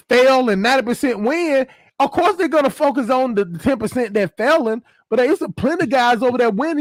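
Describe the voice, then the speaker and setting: A man's voice: extremely high pitch, no room sound. A man hosting a casual livestream chat, rambling and slangy, laughing often. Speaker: host.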